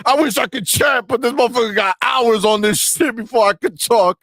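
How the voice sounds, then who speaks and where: A man's voice: extremely high pitch, brisk, vocal fry, a bit bright, dry recording, studio quality, pitched above the performer's own voice, heavily acted. A man putting on the voice of a furious, whining adult male fanboy who shrieks and sobs through his rant. He mocks the fan for comic effect. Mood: whiny rage.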